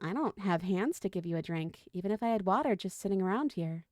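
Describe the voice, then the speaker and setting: A woman reading a story aloud, voicing a calm, wry male desert snake who speaks in a matter-of-fact, joking way. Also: medium pitch, fast talker, no room sound, studio quality, natural voice.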